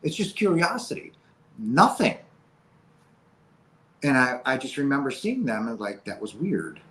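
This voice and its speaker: A guest casually shares a personal experience, his mid-pitched voice sing-song, measured and slightly bright, peppered with "like" and "right?". The room sounds roomy, with faint ambient noise behind him.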